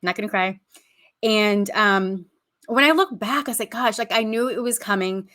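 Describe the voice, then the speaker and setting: A woman's voice: medium pitch, moderate pace, a bit bright. Chatty woman podcast host. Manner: chatty and effusive, many "like" fillers. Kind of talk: casual unscripted podcast talk.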